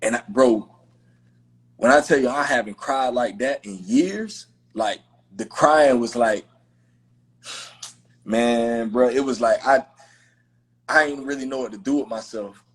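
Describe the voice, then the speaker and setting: A man's voice: medium pitch, a little slow, pauses often, breathy edge. A man hosting a podcast in casual conversation, talking in an emphatic, heartfelt way with lots of slangy fillers. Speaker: podcast host.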